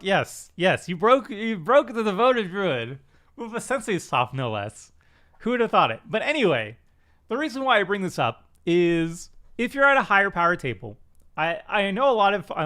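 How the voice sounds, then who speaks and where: A man's voice: a little high, a bit bright. A man hosting a card game stream, talking casually with lots of fillers and restarts in a chatty, self-deprecating way. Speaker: commander stream host. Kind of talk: casual card review chat.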